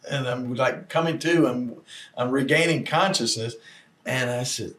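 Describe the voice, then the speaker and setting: An older man, guest in a long interview, telling old stories with lively acted-out quotes. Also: medium pitch, normal speed. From Southern United States. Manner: animated storyteller acting out quoted voices. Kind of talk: storytelling shoot interview.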